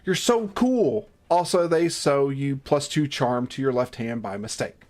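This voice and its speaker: A man's voice: medium pitch, moderate pace, darkish tone. A man hosting a gaming livestream, reading game text aloud between profane, self-mocking banter and exasperated outbursts.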